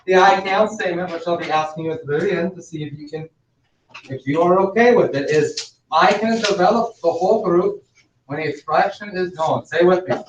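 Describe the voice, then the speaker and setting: A male teacher leads a math lesson, pacing his words slowly whenever he spells out a step. His voice sits a little high, and it sounds distant and muffled. The classroom around him rings with echo. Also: slight background noise. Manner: instructive, slows down to spell out steps. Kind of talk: classroom instruction. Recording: echoey, distant, dull classroom recording.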